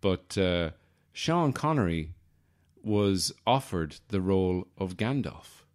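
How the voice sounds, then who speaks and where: A man with a very low, deep voice hosts a comedy podcast. He rambles from one aside to the next in a wry, self-deprecating way, often catching and correcting himself. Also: very animated, takes it slowly, a little mellow. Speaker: podcast host.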